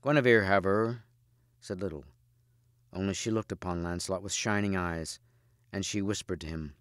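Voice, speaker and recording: A man reading a storybook of old legends aloud as an audiobook, measured and quiet. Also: sits low, steady tone, no room sound, studio quality. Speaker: audiobook reader.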